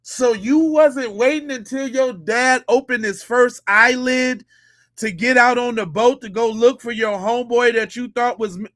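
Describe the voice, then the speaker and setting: A man's voice: very high-pitched, a little slow, fairly bright tone. A man hosting a podcast, a former police officer giving slangy, incredulous reaction commentary.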